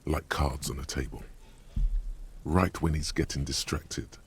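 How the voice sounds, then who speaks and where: An actor voicing a grim, deadpan inner narrator in a video game, gravelly and dry. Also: male voice, rumbling low, a little slow, a little hiss or hum.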